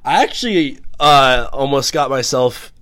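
A man's voice: mid-range voice, unhurried, a bit bright, dry recording. Young male, casual chat, brash anecdotes, plain mid voice, dry close mic. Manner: profane, boisterous storytelling. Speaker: podcast host.

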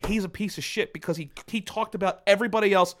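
A man's voice: sits high, fast, slight background noise. A man hosting a podcast in casual chat, swearing freely and laughing often. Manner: profane, animated, laughs often. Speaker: podcast host.

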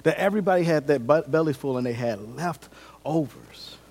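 A man's voice: a little high, moderate pace, darkish tone. A man preaching a sermon as pastor, conversational and humorous, acting out scenes and repeating his key points.

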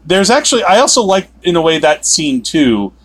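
A man co-hosting a movie review podcast, talking in a rambling, animated way with sudden emphatic outbursts. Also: a little high, moderate pace, breathy edge. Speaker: podcast co-host. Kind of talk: casual movie review chat.

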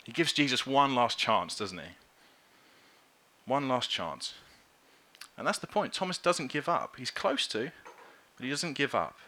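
Bright-voiced man giving a lively sermon. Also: medium pitch, a little slow, long pauses. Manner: lively, conversational preaching with acted-out quotes. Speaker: preacher.

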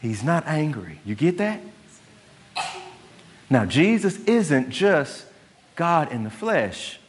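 A male pastor preaching a sermon in an animated way, often asking his listeners rhetorical questions. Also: on the high side, slow, slight background noise. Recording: long hall reverb.

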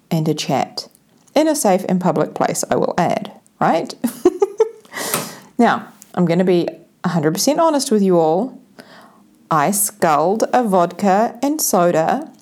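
A young adult woman casually telling a self-mocking personal story to her viewers, animated and laughing often. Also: on the low side.

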